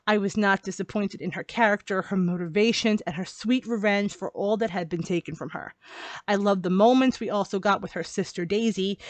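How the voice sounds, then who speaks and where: A woman chatting about her favorite books in a casual review vlog, gushing with excitement, laughing often and swearing casually. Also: mid-range voice, dry recording. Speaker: book reviewer.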